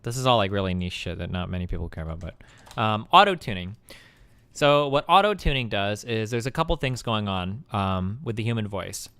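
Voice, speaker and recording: A man's voice: fairly low pitch, lively intonation, fairly quick, a bit bright, clear, resonant tone, no room sound. A man casually explaining something on a live stream, rambling, searching for words and restarting his sentences often.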